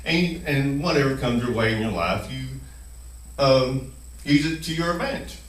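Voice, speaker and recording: A man's voice: mid-range voice, lively intonation, normal speed, roomy sound, far from the mic, rough recording. A man hosting his own video channel, speaking nervously while chewing gum, with many fillers and restarts. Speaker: channel host. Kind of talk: nervous first-video monologue.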